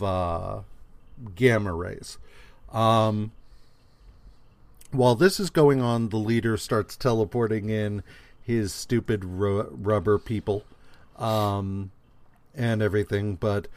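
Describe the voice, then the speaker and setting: A man co-hosting a podcast, recapping a comic book in a laid-back way with many fillers and quoted lines. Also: lowish voice. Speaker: podcast co-host.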